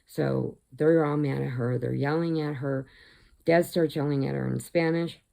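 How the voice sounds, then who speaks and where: With a low-pitched, creaky voice and moderate pace, this middle-aged vlogger offers a casual movie recap. She acts out the dialogue animatedly, occasionally lowering her voice to a whisper.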